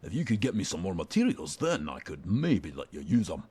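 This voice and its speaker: A man voicing a crude, rude male dwarf blacksmith in a deeper put-on accent for a game. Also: very animated, a little fast, warm tone, breathy edge, heavily acted. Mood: gruff. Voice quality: deeper put-on voice, not Scottish. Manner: rude, swearing, mocking. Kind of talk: fan voicing of a game character.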